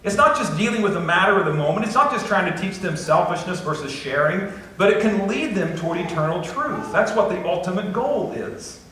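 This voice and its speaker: Folksy preacher in an echoey church. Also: male voice, high voice, expressive, a little fast, bright, forceful tone. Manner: folksy, conversational preaching with self-deprecating asides. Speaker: pastor. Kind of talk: sermon. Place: church sanctuary. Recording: echoey church recording from a distance.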